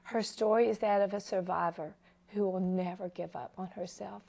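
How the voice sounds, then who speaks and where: A woman's voice: mid-range voice, steady tone, normal speed, gravelly, dark tone. Tearful woman hosting a faith talk show. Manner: emotional, tearful while honoring her guest.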